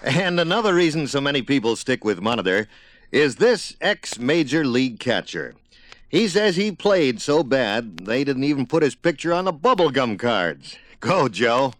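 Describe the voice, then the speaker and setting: A man's voice: mid-range voice, very animated, normal speed, a bit bright, dry recording. A man hosting a radio program, introducing segments in a breezy, upbeat way. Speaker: radio host.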